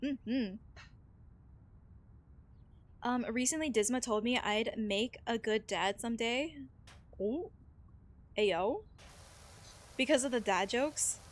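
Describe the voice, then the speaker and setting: A woman's voice: on the high side, takes it slowly, long pauses. A woman chatting casually with her stream while she plays a game. She rambles, giggles often and fills her talk with "like" and "you know," speaking into a desk microphone at home. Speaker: live streamer playing a cleaning game.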